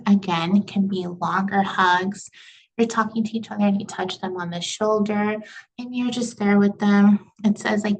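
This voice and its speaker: Woman, instructor, recorded lecture, gravelly edges, casual conversational delivery. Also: medium pitch, low-quality recording. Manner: casual, conversational, many fillers like "you know" and "right".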